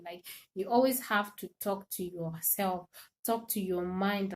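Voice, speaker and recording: A woman's voice: medium pitch, measured pace. A woman hosting a livestream, chatting casually and animatedly, laughing often and speaking directly to her viewers. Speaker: livestream host.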